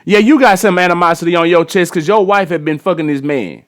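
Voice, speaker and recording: A man's voice: high-pitched, quick pace. A man giving casual reaction commentary on a news clip, blunt, slangy and profane, scolding the people involved and restarting his phrases as he goes.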